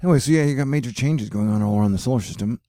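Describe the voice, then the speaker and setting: A mellow mid-range voice fires off words rapidly, captured in clean studio sound without echo. The speaker, a middle-aged American, rambles and jokes through a casual weather vlog, with fillers throughout.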